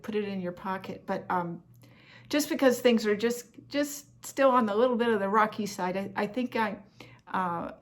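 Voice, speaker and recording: A woman hosting a cross-stitch vlog, chatting in an effusive, heartfelt way about gifts she received. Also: medium pitch. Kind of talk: casual chat showing happy mail.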